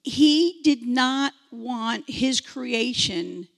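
A woman in her sixties preaching a sermon, animated, imitating beeping sounds and repeating phrases for emphasis. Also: fairly high pitch, drawn-out words, vocal fry, big-room sound. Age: 60s.

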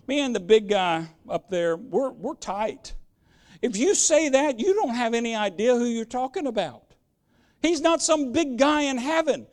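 A man with a very high voice preaches a sermon, plain-spoken, direct and emphatic, often repeating words while he searches for the next one.

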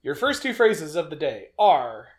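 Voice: medium pitch, sing-song, unhurried. A podcast co-host who jokes around and introduces the next segment in a casual comedy chat.

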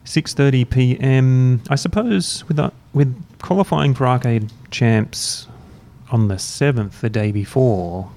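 A man hosting a podcast, chatting in a relaxed, rambling, self-mocking way while drinking beer. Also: medium pitch, unhurried, creaky. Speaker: podcast host. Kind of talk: casual chat. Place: university room, drinking beer.

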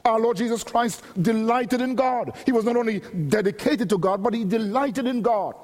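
A man preaching a sermon in a measured, emphatic way, repeating and building his phrases. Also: very high voice, a little mellow. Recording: long hall reverb.

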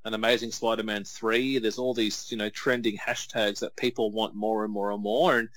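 A man, co-hosting a podcast in a relaxed, enthusiastic way with lots of fillers. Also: on the low side, moderate pace, no echo. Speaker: podcast co-host. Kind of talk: casual chat.

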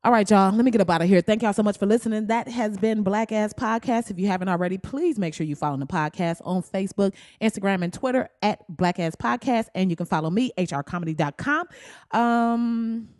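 A woman's voice: brisk, no room sound. Woman podcast host, comedic and profane, dry close-mic sound. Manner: blunt, profane and animated, with swings into high exclaiming.

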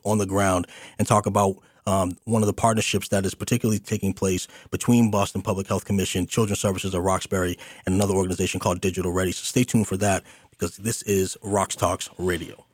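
A man's voice: sits low, little pitch movement, fast, dry recording, clean studio sound. A man hosting a community radio interview show, speaking earnestly with many fillers and restarts. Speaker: radio host.

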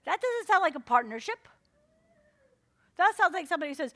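A woman's voice: very high voice, big pitch swings, a little fast, pauses often, sharp tone, no echo, clean studio sound. A woman preaching a sermon, telling stories and acting out her own inner voices, checking in with "amen?" as she goes.

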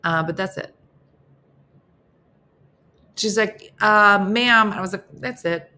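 A woman's voice: medium pitch, steady tone, slow, a bit bright. A woman hosting a morning show, telling a story in casual chat and acting out both sides of phone calls with big jumps in her voice.

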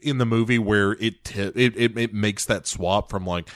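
A man's voice: on the low side, steady tone, normal speed, fairly bright tone, dry recording. A man co-hosting a casual podcast about movies, rambling with many restarts and fillers. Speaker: podcast co-host. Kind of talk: casual movie review chat.

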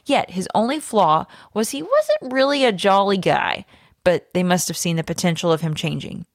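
A woman podcast host reading a fan theory aloud, with lively storytelling emphasis. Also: lowish voice, moderate pace, no echo, studio quality.

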